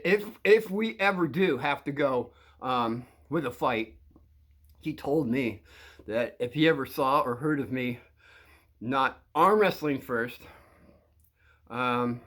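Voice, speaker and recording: A man's voice: medium pitch, a bit bright. An older man talks casually to kids about an awkward situation, acting out both sides and keeps breaking into laughter while trying to keep a straight face. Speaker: vlogger giving advice to kids. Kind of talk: casual monologue to camera.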